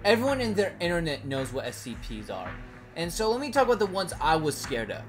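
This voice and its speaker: Woman vlogger, lower-pitched, very lively delivery, blunt jokey rambling, music bed underneath. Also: fairly quick. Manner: animated, blunt and joking, swears casually; rambling with many likes. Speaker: video creator. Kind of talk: casual commentary vlog. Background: background music.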